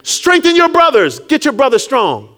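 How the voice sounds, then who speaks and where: A man preaching a sermon with call-and-response, rising to shouts and dropping low, acting out scripture figures. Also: normal speed. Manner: animated, call-and-response, rises to shouts then drops low; acts out Jesus and Peter in quiet low tones.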